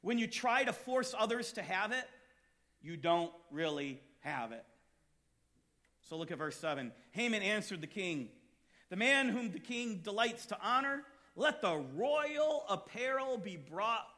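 A man preaching a sermon as pastor, reading scripture and telling stories, rising to shouts at times. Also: high-pitched.

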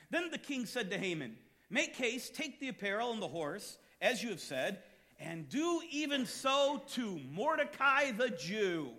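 Man, pastor, sermon, high bright voice, animated delivery, shouting at peaks.

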